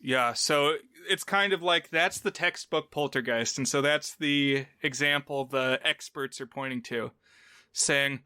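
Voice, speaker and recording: A man's voice: mid-range voice, fairly even intonation, normal speed, bright, forceful tone, smooth, no echo, studio quality. A man co-hosting a film podcast, chatting casually and explaining the plot at length with many fillers. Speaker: podcast co-host. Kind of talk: casual film review chat.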